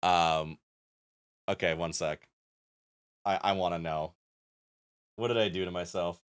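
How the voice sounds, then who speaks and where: Low-voiced, playful male streamer. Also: steady tone, measured pace, clear, resonant tone. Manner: playful, chatty, reads game text aloud. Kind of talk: casual gameplay commentary. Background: faint game music.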